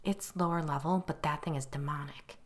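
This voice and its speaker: A woman's voice: low voice, steady tone, a little fast, natural voice. A woman voicing a blunt teenage ghost girl. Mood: tense.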